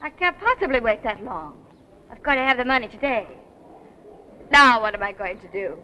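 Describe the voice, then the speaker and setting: A woman's voice: on the high side, lively intonation, moderate pace, lo-fi sound, a little hiss or hum, close to an everyday voice. A woman playing a flustered young car buyer, anxious and pleading, in 1930s film acting.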